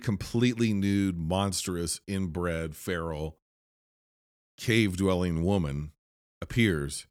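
A man with a fairly low voice talks through a horror film's story in a loose, rambling way. He fills his sentences with "like" and restarts. The sound is dry and close, with no room echo. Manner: rambling, filler-heavy, lots of "like". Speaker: film reviewer. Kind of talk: casual movie recap.

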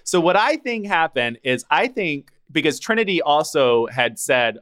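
A man co-hosting a podcast who tells gossip as a story in casual chat. He acts out the lines he quotes as he goes. His voice sits at an ordinary middle pitch. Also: moderate pace, fairly bright tone. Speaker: podcast co-host.

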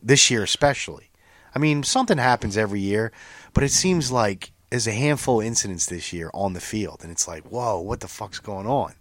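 A man's voice: on the low side, animated, fairly quick, fairly bright tone, no echo. A man in casual chat, telling a story in a rambling, profane way with many restarts.

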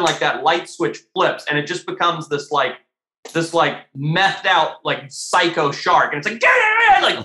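A man with a fairly high, bright, forceful voice tells a tale in a loose, animated way, cursing now and then. The sound is roomy, with a clear echo around him. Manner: animated, swears freely, many fillers. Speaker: podcast guest, shark diver. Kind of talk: casual storytelling.

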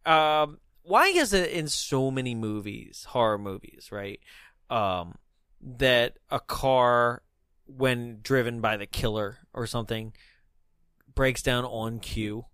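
A man's voice: medium pitch, lively intonation, slow, a bit bright, smooth, no room sound, studio quality. A man hosting a podcast in a casual movie chat, rambling with lots of ums and uhs and laughing mid-sentence. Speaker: podcast host.

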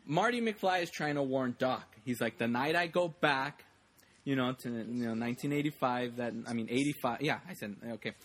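A man in a casual movie chat, talking fast with lots of fillers and acting out lines from scenes. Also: mid-range voice, fairly bright tone.

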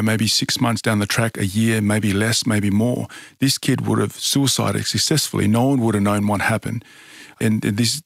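A middle-aged man tells his story, earnest and halting, often restarting his sentences. His voice sits low. The sound is dry and close, with no room around it. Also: vocal fry, dry recording. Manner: earnest, many fillers and restarts. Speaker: podcast guest, fighter. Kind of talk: casual storytelling.

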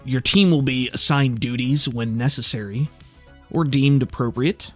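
A man voicing a brisk, commanding female official with mantis legs, giving curt, businesslike orders. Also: medium pitch, soft background music, lightly acted. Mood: formal.

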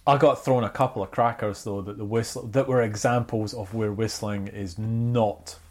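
A man's voice: fairly low pitch, steady tone, moderate pace, darkish tone. A man co-hosting a podcast in casual chat, teasing his co-host and reading out a chart countdown. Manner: laughing, teasing, reads out chart list.

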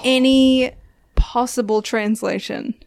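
A woman's voice: fairly high pitch, steady tone, takes it slowly, creaky, a little mellow, slight background noise. A woman co-hosting a casual comedic podcast, dropping mock-outraged quips and laughing often. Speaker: podcast co-host.

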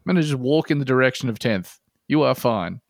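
A man's voice: mid-range voice, expressive, a little fast, gravelly, no room sound, clean studio sound. A man co-hosting a comedy podcast, reading a listener post aloud and mocking it with plenty of swearing. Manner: sarcastic, mocking, swears a lot.

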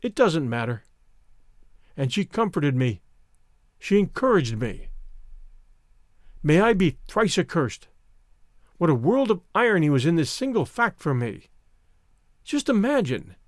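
A man's voice: sits high, sing-song, unhurried, long pauses, dry recording, clean studio sound. A man reading a first-person story aloud as narrator, in a reflective storytelling manner. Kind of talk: scripted audiobook narration.

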